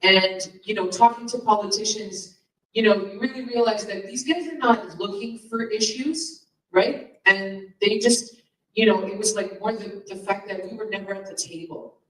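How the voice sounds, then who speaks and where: Heard from far off in a roomy space, this woman speaks at medium pitch and normal speed with a fairly bright tone, over slight background noise. She founded a comedians' association and is addressing a union meeting in a comedy club hall, rambling along chattily with asides and small laughs.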